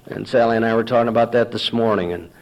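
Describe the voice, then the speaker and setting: The recording is low quality, but this Texas man's mid-range voice comes through steady and quick-paced as he speaks at a recovery meeting. Sharing his personal testimony, he recounts his story and reenacts old arguments with sarcasm.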